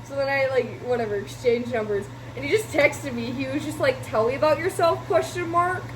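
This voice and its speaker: A woman's voice: high voice, fairly quick, background noise. A young woman in her twenties telling a rambling story in casual chat while cooking at home, full of filler words and swearing. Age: young adult. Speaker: vlogger. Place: home kitchen.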